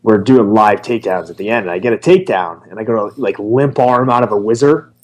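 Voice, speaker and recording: A man's voice: on the low side, fairly quick. Crude, joking man on a podcast. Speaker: podcast co-host, martial arts coach. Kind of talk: casual podcast chat.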